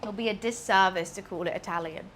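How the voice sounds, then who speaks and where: A woman's voice: mid-range voice, fast talker, fairly bright tone, slight background noise. A young woman chatting casually while she cooks at home, rambling and laughing at herself. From Britain. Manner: chatty and self-deprecating, rambling with fillers. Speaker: cooking streamer. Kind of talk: casual chat while cooking. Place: home kitchen.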